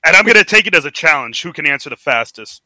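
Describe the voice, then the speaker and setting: An American man co-hosting a podcast, chatting casually, swearing often and excitable. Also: a little high, fast talker, dry recording. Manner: profane, excitable, laughing often. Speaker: podcast co-host. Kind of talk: casual chat.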